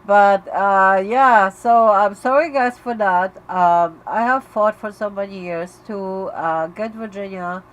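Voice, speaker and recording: Woman, livestream host, slow halting speech, fillers and restarts, emotional and direct, recorded at home in bed. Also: mid-range voice, rough recording. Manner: openly emotional, talking to viewers directly. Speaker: livestream host for an epilepsy community. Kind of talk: casual livestream chat. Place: bedroom at home.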